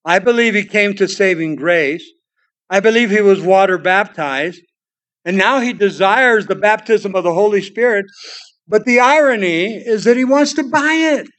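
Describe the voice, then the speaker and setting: A man preaching a sermon, swinging between loud exclamations and hushed, quiet passages. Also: high-pitched, moderate pace. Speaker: pastor.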